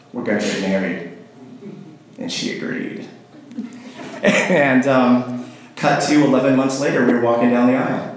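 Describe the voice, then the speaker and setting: A man telling a rambling personal story, with many fillers and restarts, often laughing and acting out phone calls. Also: mid-range voice. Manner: acts out phone calls in quoted voices. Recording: very echoey room, faint noise.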